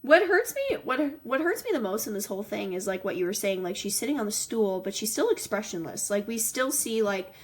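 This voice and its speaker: A woman's voice: medium pitch, brisk, hardly any pauses, breathy edge. A young adult woman co-hosting a casual podcast, retelling movie scenes and acting out lines with energy. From Irish family background. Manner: animated, acts out characters' lines in quotes. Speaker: podcast co-host. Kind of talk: casual film rewatch chat.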